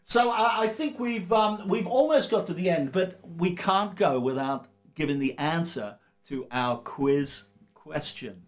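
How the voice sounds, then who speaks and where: A man's voice: high voice, lively intonation, unhurried. A man hosting a casual livestream from a studio, chatty and rambling in an upbeat way. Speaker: livestream host.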